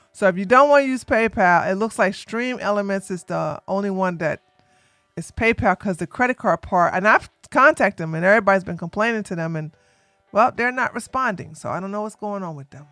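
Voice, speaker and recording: A woman livestreamer in casual chat, talking softly and without hurry. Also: medium pitch, clear, resonant tone, no room sound. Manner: soft, unhurried talk, a break from her usual yelling.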